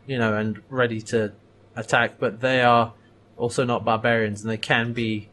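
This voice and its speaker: A man's voice: mid-range voice, normal speed. A man in casual podcast chat, recapping a TV episode and animatedly acting out lines. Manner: animated, acts out quoted lines with laughs.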